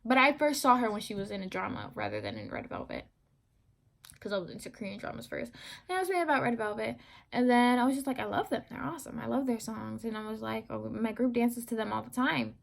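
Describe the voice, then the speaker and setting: Young woman vlogger with a gravelly voice. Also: fairly high pitch, fast. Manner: rambling, self-correcting, animated retelling. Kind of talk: casual storytelling to camera.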